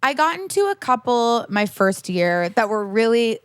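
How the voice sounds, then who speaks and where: A young woman guests on a casual podcast, telling bubbly, fast stories and slipping into the voices of the people in them. Her voice sits a little high and sounds close and dry. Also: sing-song, smooth, dry recording. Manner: bubbly, fast storyteller who acts out voices. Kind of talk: casual chat.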